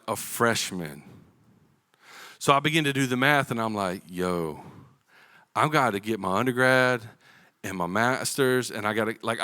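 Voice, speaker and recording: A man's voice: mid-range voice, bright, forceful tone, clear, resonant tone. A man in his thirties preaching a sermon as a pastor, telling a personal story in a casual, conversational way before reading scripture. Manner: casual storytelling with Southern-inflected slang. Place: church auditorium.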